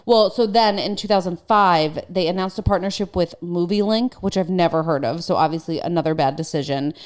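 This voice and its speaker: A woman's voice: fairly low pitch, brisk. A woman in her thirties co-hosting a casual podcast, telling the story in a chatty way with many fillers. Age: 30s. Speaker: podcast co-host.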